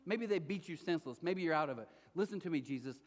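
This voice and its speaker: A man voicing a domineering Roman governor, in a slow, imposing and taunting manner. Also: a little high, expressive, close to an everyday voice. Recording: long hall reverb.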